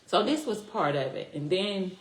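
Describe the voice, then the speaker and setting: A woman's voice: medium pitch, expressive, moderate pace. A middle-aged woman, a podcast guest, telling her personal story in an earnest, heartfelt way, often repeating herself. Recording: echoey room.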